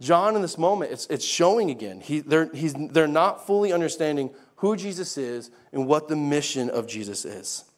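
A male pastor preaching a sermon in a chatty, animated way with laughing asides. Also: fairly high pitch, normal speed, few pauses.

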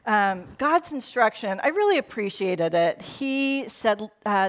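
A woman's voice: medium pitch, sing-song, measured pace. A middle-aged woman pastor giving a casual sermon in a conversational way, with laughing asides. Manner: conversational, laughing asides, quotes in put-on voices.

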